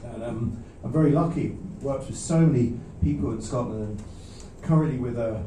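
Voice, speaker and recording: A man's voice: mid-range voice, dark tone, slight background noise. Man chatting from a live stage. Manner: self-deprecating, halting, many restarts and laughs. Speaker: singer-songwriter performing live. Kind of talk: rambling between-song stage banter. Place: small live music venue. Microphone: stage vocal mic. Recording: roomy, distant audience recording.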